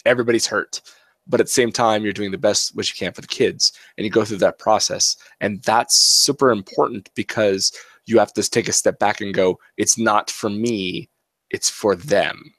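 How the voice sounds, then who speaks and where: A man with a fairly low voice talking about fatherhood in an earnest, reflective way. He circles back and repeats his points, and his voice sounds close and dry with no room around it. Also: steady tone, a little fast, a bit bright, no room sound. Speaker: podcast co-host. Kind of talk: casual chat.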